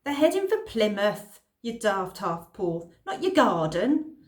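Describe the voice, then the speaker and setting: A woman voicing a scolding village baker woman in a storybook reading, brisk and loud, with a roomy echo. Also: fairly high pitch, pitched above the performer's own voice.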